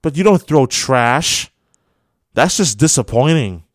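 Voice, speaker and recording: A man's voice: mid-range voice, lively intonation, slow, no echo, studio quality. A man hosting a sports radio show, giving a heated opinion monologue full of scolding rhetorical questions. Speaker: radio host.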